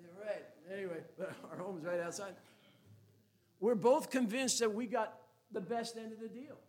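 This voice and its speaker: A man with a notably high-pitched voice preaches a sermon as a Baptist pastor. He is folksy and joking, and he drives his points home with emphasis. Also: normal speed, a little mellow.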